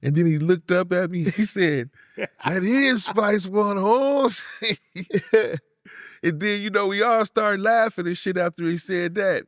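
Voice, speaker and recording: A man's voice: sits high, normal speed, few pauses, no echo, studio quality. A man in his fifties from Oakland with a Bay Area accent, telling stories in a laid-back way, full of "you know what I'm saying" and acted-out voices. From Oakland, California. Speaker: guest rapper. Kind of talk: casual storytelling.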